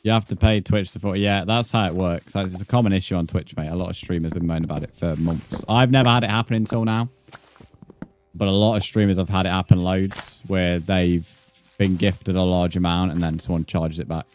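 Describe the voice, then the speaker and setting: A man's voice: sits low, fairly even intonation, fairly quick, a little mellow, a little hiss or hum. A young British man live-streaming a game, chatting to viewers with blunt, sweary, mock-outraged banter. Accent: British English. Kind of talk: live-stream gameplay chat.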